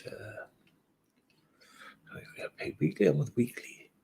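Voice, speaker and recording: A man's voice: fairly high pitch, expressive, normal speed, creaky, warm tone, in a whisper, rough recording. A man at his office desk, chatting casually to camera in a jokey, rambling way with muttered asides. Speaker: vlogger.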